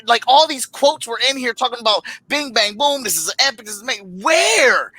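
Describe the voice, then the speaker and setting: Excitable male co-host, high bright voice, dry close sound. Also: quick pace, no echo, low-quality recording. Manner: excitable, animated, exclaims and reads chat aloud. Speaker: podcast co-host reviewing trailers. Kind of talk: casual chat.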